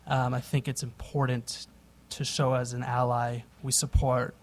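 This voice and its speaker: A man testifies politely at a public hearing, pausing with small fillers. His voice is flat and stays on one level. A faint background noise runs under the recording. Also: mid-range voice. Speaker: public witness.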